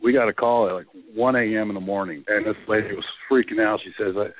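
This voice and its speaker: A man's voice: lowish voice, quick pace. A man, a paranormal investigator, telling his case stories in a casual interview and acting out the voices of the people he quotes. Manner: animated, acts out quoted voices. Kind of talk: casual phone interview storytelling. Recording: tinny phone line.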